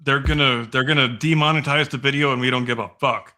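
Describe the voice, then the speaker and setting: A man's voice: mid-range voice, fairly even intonation, fast talker, sharp tone. A man hosting a podcast in casual chat, opinionated and blunt, swearing freely. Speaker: podcast host.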